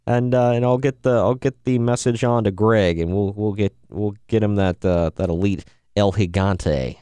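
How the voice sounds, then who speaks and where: This podcast co-host chats casually about wrestling, joking around, laughing often and getting excitable. His voice sits on the low side at a normal speed, with a clean tone and no room sound.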